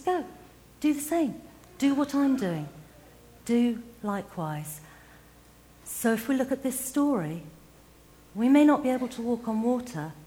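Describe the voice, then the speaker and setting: A woman preaching a reflective sermon, retelling a scripture story with slow, emphatic pauses. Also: on the low side, darkish tone, slight background noise, rough recording.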